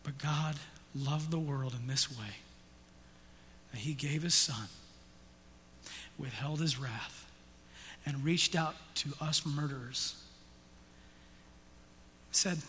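A male pastor preaching an intense sermon, swinging from hushed whispers to loud, urgent passages. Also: on the high side, slow, pauses often, a little hiss or hum. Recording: long hall reverb.

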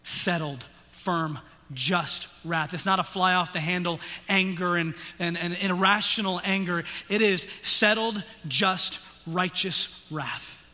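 A male pastor preaching an intense sermon, swinging from hushed whispers to loud, urgent passages. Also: high voice, fairly even intonation, a little slow. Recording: long hall reverb.

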